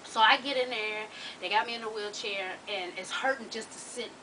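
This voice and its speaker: Loud profane woman telling a story. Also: fairly high pitch, normal speed, distant mic, a little hiss or hum, poor audio. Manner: profane, animated, laughs while telling. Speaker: vlogger. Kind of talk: casual storytelling to viewers.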